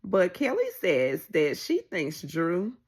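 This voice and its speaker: A woman's voice: slow, breathy edge. A woman casually recapping a reality show, acting out what people said with big swings in her voice. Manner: animated, acts out quoted lines with pitch jumps.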